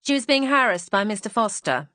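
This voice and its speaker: A woman's voice: medium pitch, animated, a little fast, bright, forceful tone, no room sound. A woman voicing a self-assured young woman caught in a theft, speaking frankly with a defiant edge.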